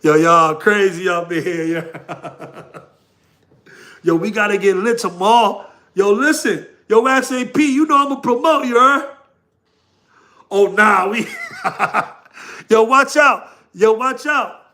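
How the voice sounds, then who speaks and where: A man's voice: high voice, slow pace, pauses often, sharp tone. A man with a New York accent hosting a casual livestream, laughing often and talking slangily to his chat. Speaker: livestream host.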